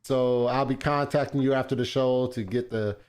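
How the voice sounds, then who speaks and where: A relaxed man moderates a debate in a casual, friendly tone. His voice sits at an ordinary middle pitch. He often drops a loose "man" at the end of his sentences. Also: normal speed, smooth. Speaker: debate show host.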